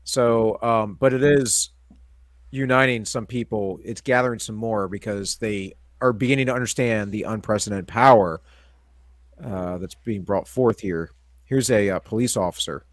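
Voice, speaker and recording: A man's voice: fairly low pitch, normal speed, no echo, studio quality. A man hosting a podcast, talking in a casual commentary style, hesitant and full of ums and uhs. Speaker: podcast host.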